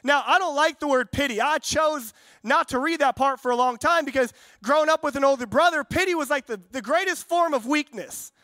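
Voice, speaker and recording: A man's voice: very high-pitched, brisk, bright, forceful tone, dry recording. A young man preaching a sermon to a congregation, conversational and fervent, acting out quotes from the story and from everyday life. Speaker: pastor.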